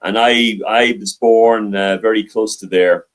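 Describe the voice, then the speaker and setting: A middle-aged man with a mild Dublin Irish accent and a somewhat low voice. He answers interview questions over a video call from a library, often stopping to restart and repeat his words. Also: fairly even intonation, measured pace, poor audio. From Ireland. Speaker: guest. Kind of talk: interview conversation.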